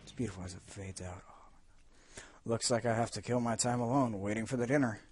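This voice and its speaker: A man's voice: lowish voice, fairly quick, darkish tone. A man reviewing a video game, reading its text aloud and breaking off into sarcastic, jokey asides. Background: faint game music.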